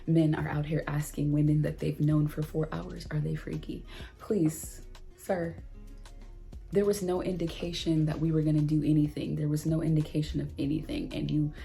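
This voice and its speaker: A young woman recounts a bad date to her camera, voicing both sides of the conversation with growing exasperation. Her voice sits a little low for a woman. Faint music plays quietly underneath. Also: normal speed, creaky. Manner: animated, exasperated storytelling with quoted dialogue. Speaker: vlogger. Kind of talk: storytime vlog.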